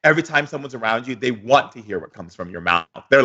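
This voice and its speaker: A man's voice: mid-range voice, expressive, sharp tone, slightly rough, dull audio. Theatrical man teaching spirituality. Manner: theatrical, acts out dialogues, drawn-out pauses. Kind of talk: daily motivational spiritual lesson.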